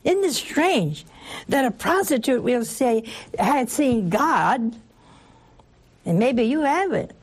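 A woman's voice: fairly high pitch, big pitch swings, takes it slowly, long pauses, slightly rough. A woman preaching a conversational sermon, talking straight to listeners with rhetorical questions and asides.

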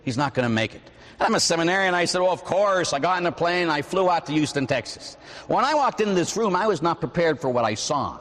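A man's voice: high voice, lively intonation, fast, fairly bright tone, big-room sound. A man in his forties from Pittsburgh, a Catholic priest giving a conversational sermon, telling stories and tossing in "huh?" asides. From Pittsburgh, USA. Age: 40s. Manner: conversational, storytelling, frequent "huh?" asides, acts out quoted voices. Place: church.

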